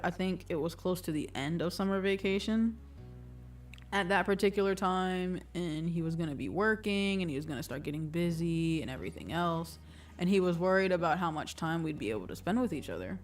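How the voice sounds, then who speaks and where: A woman streamer in casual chat, laughing often and swearing casually. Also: lowish voice. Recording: distant mic with faint music.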